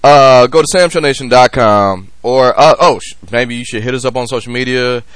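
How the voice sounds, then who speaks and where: A man's voice: mid-range voice, moderate pace, clear, resonant tone, no room sound. A man hosting a podcast in casual chat, joking and rambling with frequent restarts. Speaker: podcast host.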